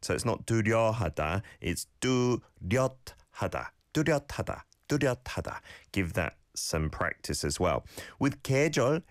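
A man's voice: deep voice, dry recording, studio quality. A British man hosting a radio show, casually explaining words and patiently repeating them for listeners to practice. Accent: British English. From United Kingdom. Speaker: radio host teaching Korean. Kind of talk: casual radio talk with language teaching.

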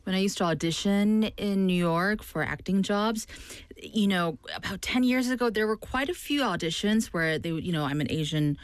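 A woman's voice: medium pitch, normal speed, no room sound. A woman who works as an actress, talking thoughtfully in a casual group discussion, often trailing off and hesitating.

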